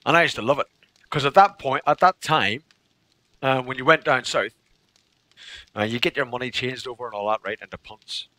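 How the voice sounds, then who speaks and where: A man's voice: mid-range voice, moderate pace, long pauses, sharp tone, dry recording. A man from Northern Ireland with a Northern Irish accent, chatting casually on a game stream, telling stories animatedly, laughing often and repeating phrases for effect. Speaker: live streamer.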